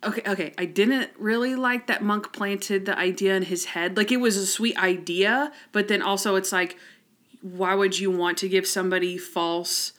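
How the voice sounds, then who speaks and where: A chatty woman co-hosting a casual podcast. She talks about a TV episode, full of "like" fillers, and acts out characters' lines. Her voice sits at a middle pitch. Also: fairly even intonation, moderate pace, a bit bright. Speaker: podcast co-host.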